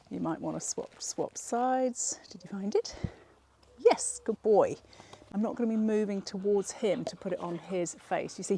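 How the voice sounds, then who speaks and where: A woman's voice: fairly low pitch, dark tone. A woman dog trainer, patiently explaining a training exercise step by step and encouraging the dog. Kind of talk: hands-on dog training instruction.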